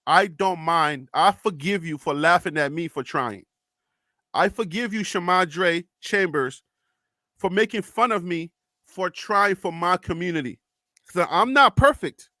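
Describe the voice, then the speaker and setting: A man with a high, bright, sharp voice hosts a livestream panel, talking with deep emotion. He builds his points in a repetitive, preacher-like cadence. The sound is dry and close. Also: measured pace, dry recording. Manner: impassioned, repeats himself, preacher-like cadence. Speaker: livestream host.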